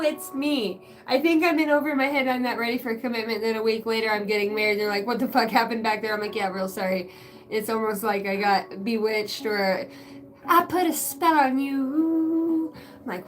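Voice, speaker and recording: A woman's voice: on the high side, moderate pace. A woman doing a casual live tarot reading from her backyard shed. She rambles, cracks crude jokes and laughs a lot. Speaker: tarot reader.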